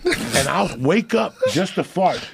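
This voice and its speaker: Fifties male comic, raspy fry, swings wildly in pitch, brash and crude delivery. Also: slow, noisy background. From New Jersey. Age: 50s. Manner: loud animated profane storytelling, bursts into laughter. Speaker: comedian guest. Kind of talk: casual storytelling.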